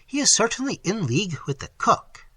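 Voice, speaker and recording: A man's voice: high-pitched, sing-song, brisk, sharp tone, slightly rough, dry recording, voice pushed up, full character voice. A man voicing a prim genteel English wife. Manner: polite, genteel, lightly reproving. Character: prim, proper middle-aged wife, genteel.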